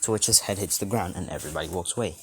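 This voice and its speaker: Deep-voiced rambling male storyteller. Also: racing, noisy background. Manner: rambling, restarts with repeated "as". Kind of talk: casual retelling of a fan story.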